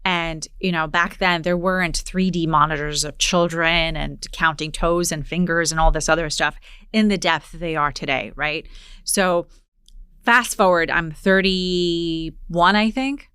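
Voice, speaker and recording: A woman in her forties, born in Poland, hosts a podcast and tells a personal story in a lively, chatty way. Her voice sits on the lower side, smooth and resonant, recorded dry and close. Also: unhurried, no room sound. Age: 40s. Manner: storytelling, animated retelling. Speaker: podcast host. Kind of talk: casual conversation.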